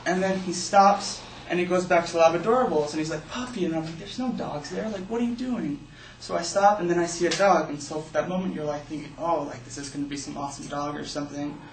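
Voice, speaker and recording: A man's voice: on the high side, fairly even intonation, fast, few pauses. A young man telling a personal story as a speech to an audience, in a loose, casual way full of "like" and "you know". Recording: echoey room, distant mic, faint hiss.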